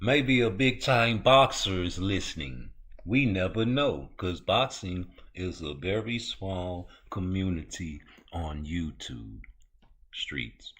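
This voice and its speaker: Slow laid-back man hosting a talk show. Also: deep voice, expressive, a bit bright. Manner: slow, laid-back street slang, drifting into singing and preaching. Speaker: boxing podcast host. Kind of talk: casual solo talk show.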